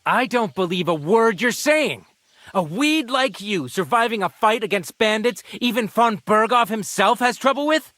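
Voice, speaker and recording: Sneering village bully. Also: male voice, high-pitched, expressive, normal speed, fairly bright tone, no room sound. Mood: scornful. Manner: taunting, sarcastic. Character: mocking male village bully, scornful and cocky. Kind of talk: video game voice acting.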